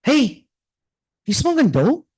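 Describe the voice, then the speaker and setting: A woman with a Canadian accent imitating her suspicious, gruff middle-aged father in a story. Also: high-pitched, very animated, slow, pitched above the performer's own voice, full character voice. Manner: sharp, questioning calls.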